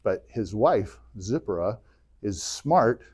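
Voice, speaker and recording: A man's voice: fairly low pitch, animated, takes it slowly, darkish tone, slightly rough. Joking man retelling a story to a class. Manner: chatty and joking, acting out dialogue. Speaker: adult class teacher. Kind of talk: humorous casual retelling of a story. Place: church classroom.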